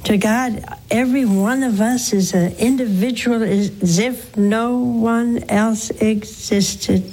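An older woman hosting a religious call-in show, counseling a caller in a gentle, pleading, preacherly way. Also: on the high side, fairly even intonation, slow, a little hiss or hum. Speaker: religious TV host taking calls.

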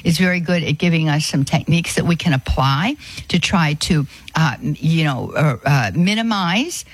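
A man giving an earnest Christian talk on inner healing, halting often with fillers and restarts. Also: on the high side, lively intonation, husky, no room sound. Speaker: Christian speaker.

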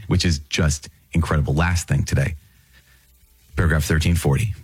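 Deep husky guy doing an earnest faith podcast, repeats himself for emphasis. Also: fairly even intonation, moderate pace, long pauses, no echo. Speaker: podcast host. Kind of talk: reflective religious teaching podcast.

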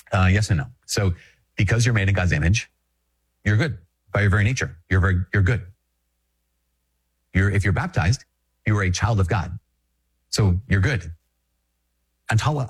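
A Catholic priest from Minnesota giving a conversational, emphatic reflection, repeating phrases and chuckling often. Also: male voice, fairly low pitch, husky. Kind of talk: spoken reflection to an audience.

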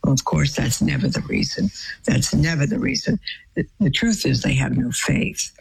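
A woman, a nun, reads listener letters aloud and answers them with gentle advice. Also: low voice, expressive, moderate pace, creaky, husky, rough recording. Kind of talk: advice show reading letters.

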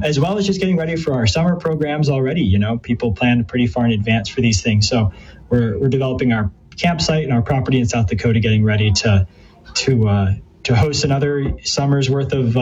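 A guest from a Catholic youth ministry answers interview questions about ministry earnestly and thoughtfully, often using fillers and restarting sentences. His medium-pitched, darkish voice moves fairly quickly, captured on dull lo-fi audio with a little hiss or hum.

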